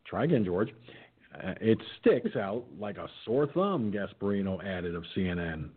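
Man, talk radio host, reads news, sarcastic asides, swears, husky, phone-like audio. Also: low-pitched, sing-song, moderate pace. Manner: sarcastic, swears, keeps yawning and stumbling. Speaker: internet radio show host. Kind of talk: casual reading and commenting on news. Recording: tinny phone-line sound.

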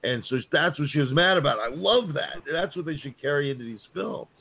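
Animated man with a tinny phone-like sound. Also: fairly high pitch, brisk, creaky, slightly rough. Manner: animated, profane, acts out quotes. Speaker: podcast co-host. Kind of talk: casual chat.

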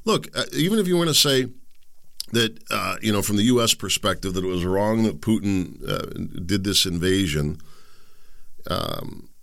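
A man's voice: lowish voice, lively intonation, normal speed, gravelly, a bit bright, dry recording, studio quality. A man hosting a show, giving opinionated solo commentary in a rambling, conversational way, often restarting and tripping over words and putting questions to his listeners. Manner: conversational, asks the audience direct questions.

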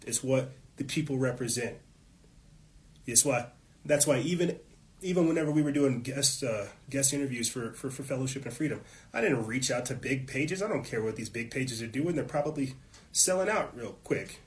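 Hosting his own show, a man launches into an impassioned, preachy political rant peppered with profanity. He speaks at a medium pitch and a moderate pace.

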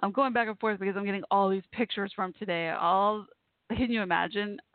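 She speaks briskly with medium pitch and fairly even intonation, hosting a relaxed live call-in show. Her friendly chatter rambles, with lots of fillers and restarts. The recording sounds like a tinny phone line and is dry, without room sound.

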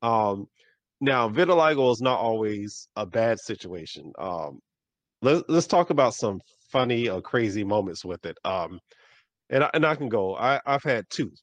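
A man's voice: on the low side, animated, moderate pace, no room sound. A man hosting a podcast, telling stories casually and backing his guest with "right, right". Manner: storytelling with repeated "right, right" and "I'm like". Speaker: podcast host.

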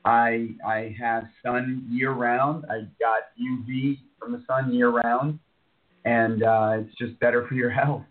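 A man from New York City speaks as a wellness guest, telling stories in an animated, loose way full of fillers. He is heard through a computer mic that makes his voice thin and phone-like. His pitch sits in the middle. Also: slow. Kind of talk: casual interview talk.

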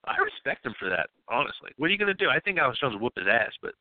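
A man's voice: medium pitch, big pitch swings, rapid-fire, no echo. A man hosting a podcast, retelling news in a loose, profane way and laughing as he goes. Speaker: podcast host. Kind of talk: casual podcast chat. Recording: tinny phone-like sound.

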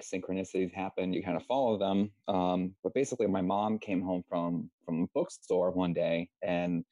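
Deep, mellow man telling his story. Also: no echo. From Massachusetts, United States. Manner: hesitant, many ums. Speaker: guest. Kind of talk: casual personal storytelling. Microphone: video call. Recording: muffled video-call audio.

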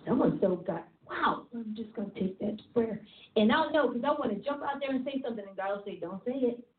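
A woman's voice: a little high, lively intonation, fast. A woman apostle preaching a teaching sermon, emphatic and repetitive with a chatty, laughing manner. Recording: tinny phone-like sound in an echoey room.

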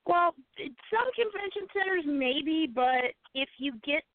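A woman in a casual chat who steps in to calm an argument. Her voice is high. It comes through dry and thin, like a phone line. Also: slow pace, no room sound. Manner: conciliatory, calming.

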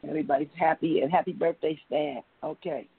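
Husky woman laughing on a phone line. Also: low voice, steady tone, a little fast. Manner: laughs a lot, chatty. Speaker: caller reading a poem. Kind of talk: casual phone chat. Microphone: phone call.

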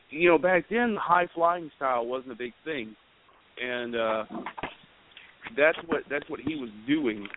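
A man co-hosting a casual wrestling chat, teasing his friends and recalling wrestling history. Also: medium pitch. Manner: teasing, reminiscing wrestling trivia. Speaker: podcast co-host. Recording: tinny phone line with faint noise.

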